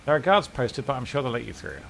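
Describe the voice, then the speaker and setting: A man's voice: medium pitch, sing-song, fast, creaky, fairly bright tone, slight background noise. A man voicing a frightened young woman from a video game town, stammering and pleading for help. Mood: anxious.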